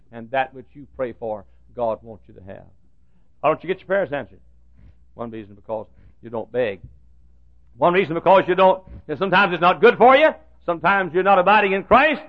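A man preaching a sermon in a folksy, animated way, jumping from loud high outbursts to hushed asides. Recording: dull lo-fi recording.

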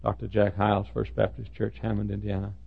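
An older man preaching a sermon, telling stories with many repeats and swinging between loud bursts and hushed asides. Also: lowish voice, monotone, a little fast, gravelly, breathy edge. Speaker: pastor. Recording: dull lo-fi sermon recording.

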